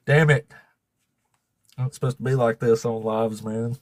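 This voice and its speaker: A man hosting a casual livestream, laughing and swearing as he thanks viewers, emotional and fighting back tears in a raspy voice. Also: on the low side, fairly even intonation, unhurried, pauses often, darkish tone, dry recording, studio quality. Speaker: livestream host.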